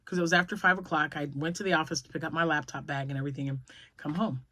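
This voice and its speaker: A woman's voice: low-pitched, steady tone, very fast, sharp tone. Chatty, rambling grandmother vlogger. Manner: rambling, storytelling, laughs often. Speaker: crochet vlogger. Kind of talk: casual chatty vlog.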